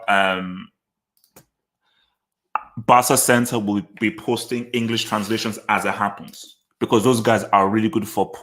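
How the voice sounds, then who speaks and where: With a fairly low pitch and fairly bright tone, a man runs a football channel and gives casual live reactions. He thinks aloud as he goes, restarting sentences and repeating short phrases.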